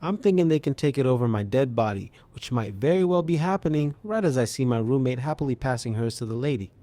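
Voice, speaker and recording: A man narrating a scripted story with a steady, even storytelling delivery. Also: medium pitch, fast talker, no echo.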